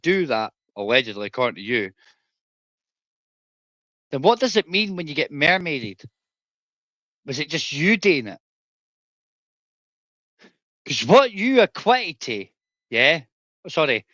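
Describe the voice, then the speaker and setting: A man's voice: fairly high pitch, sharp tone, no echo, highs cut off. A man with an Edinburgh Scottish accent, a former soldier ranting profanely and confrontationally on a livestream while telling stories. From Scotland.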